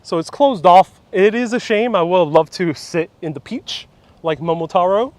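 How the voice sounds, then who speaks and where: A man with a fairly high voice, guiding a tour of an outdoor sculpture park. He retells a legend in a casual, lively manner, with his pitch rising and dipping. A small wireless clip-on mic picks him up outdoors. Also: moderate pace, dry recording. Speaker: tour guide host.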